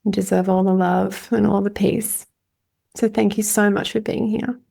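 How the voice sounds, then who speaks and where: A woman's voice: medium pitch, flat delivery, normal speed, vocal fry, warm tone. A woman podcast host and mentor, effusive and affirming as she thanks her guest and closes the show. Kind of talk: warm podcast hosting.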